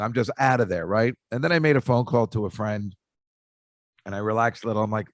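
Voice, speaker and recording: A man's voice: medium pitch, lively intonation, a little fast, dry recording, clean studio sound. Rambling self-mocking older New man. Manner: self-deprecating, rambling with restarts. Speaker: podcast host. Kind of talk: rambling comic storytelling.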